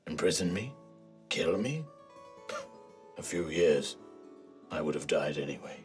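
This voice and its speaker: Guy doing a bitter old villain scholar, low hushed brooding voice, quiet music behind. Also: expressive, slow, full character voice. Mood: bitter, defeated.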